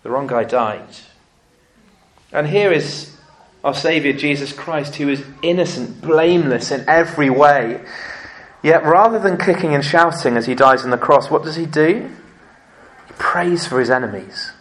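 A man preaching a sermon, telling stories lively and acting out what people said. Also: on the high side, normal speed. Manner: lively storytelling, acting out quotes.

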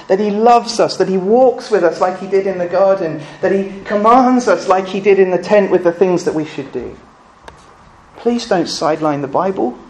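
A man preaching a sermon, full of rhetorical questions and swinging between loud emphasis and hushed asides. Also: on the high side. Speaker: pastor.

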